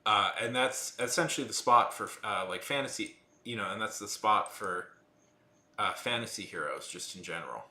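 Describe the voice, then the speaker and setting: A man's voice: fairly low pitch, normal speed, bright, forceful tone, echoey room. A man hosting a casual live chat, rambling with many restarts and fillers. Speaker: livestream host.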